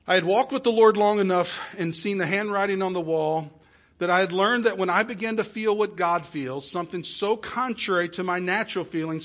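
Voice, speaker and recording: High-voiced man telling an emotional sermon story. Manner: emotional retelling in first person, swinging from soft pleading to loud exclamations. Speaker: preacher.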